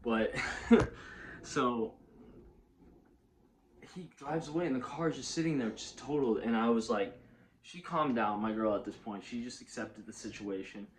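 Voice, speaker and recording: A man's voice: medium pitch, unhurried, long pauses, a little hiss or hum, poor audio. A young man telling a personal story in a casual, rambling way, swearing freely, correcting himself and laughing often.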